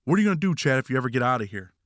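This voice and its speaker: A man voicing an older male prison cellmate with a slow, folksy Southern US drawl, gruff and blunt, as an audiobook narration. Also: medium pitch, big pitch swings, a bit bright, no room sound, clean studio sound.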